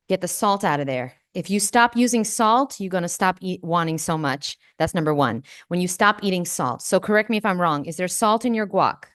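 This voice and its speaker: Speaking in a lowish voice close to the microphone, a woman runs a laid-back livestream. She's playful and brash, swears a lot and talks directly with her viewers.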